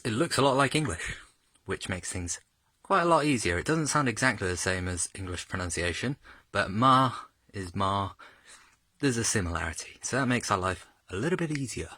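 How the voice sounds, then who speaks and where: A man giving a casual, jokey video lesson as a self-taught learner, stretching his pitch up and down to demonstrate tones. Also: lively intonation, moderate pace, bright, forceful tone, dry recording. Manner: chatty and jokey, exaggerates tones when demonstrating.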